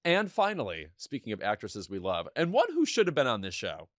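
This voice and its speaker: A man hosting a podcast, arch and wry, with quick quips and a voice that rises and falls a great deal. The sound is dry and close to the mic. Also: medium pitch, wildly swooping pitch, fairly bright tone, no room sound. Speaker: podcast host. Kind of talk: casual chat.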